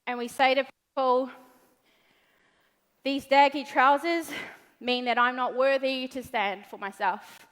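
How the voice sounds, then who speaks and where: A New Zealand woman speaks slowly in a high, bright voice, giving a motivational talk in front of an audience. She is blunt, playful and swears freely. Her voice carries a long reverb from a large event hall. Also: fairly even intonation, clean tone.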